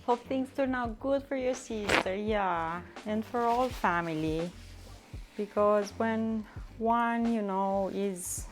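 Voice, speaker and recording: Woman host, unhurried chatty kitchen stream, greets viewers, middle pitch. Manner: chatty, giggly, reads viewer comments. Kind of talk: live-stream baking chat. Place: home kitchen. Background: soft background music.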